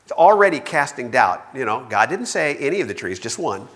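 Animated preacher man in an echoey hall. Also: medium pitch, fairly quick. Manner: animated storytelling, acts out quoted voices. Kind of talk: sermon.

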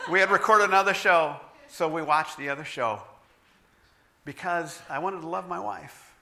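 A man's voice: a little high, measured pace, vocal fry, long pauses, sharp tone, slight background noise. A middle-aged man preaching a sermon, telling stories with self-deprecating humor. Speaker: pastor.

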